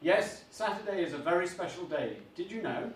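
A man's voice: high voice, animated, normal speed. A man plays a polite, formal man who talks around a refusal. He sounds far from the mic in a strongly echoing room with faint background noise. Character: polite indirect man, Mister Wu. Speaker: workshop participant in role-play. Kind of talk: classroom role-play.

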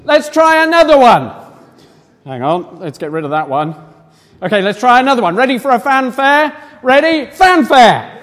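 A high-voiced man leads a family church service, lively and rousing as he gets the children cheering. His voice rings out with long reverb in a large hall. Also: normal speed. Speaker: church leader. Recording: echoey hall.

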